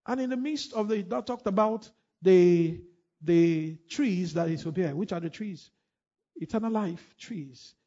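High-voiced man preaching a sermon. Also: unhurried, highs cut off. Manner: repetitive, call-and-response, rising to shouts. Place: church hall.

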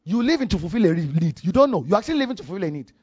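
Nigerian male preacher, high husky voice, animated storyteller who repeats himself for emphasis; dry, dull lo-fi sound. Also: racing, no echo. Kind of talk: sermon with personal testimony.

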